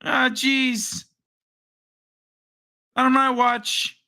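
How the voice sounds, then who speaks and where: A man mimicking a blustering online tough guy who shouts threats and keeps saying "oh jeez". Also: very high-pitched, completely flat delivery, extremely slow, pitched above the performer's own voice, exaggerated voice. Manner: shouting, huffy, repeats "oh jeez".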